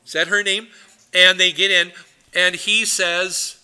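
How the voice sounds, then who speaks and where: A middle-aged man leads a Bible study as pastor, with a forceful, sharp-edged voice sitting slightly high for a man. He teaches like an animated storyteller and wanders off into asides. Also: measured pace, smooth.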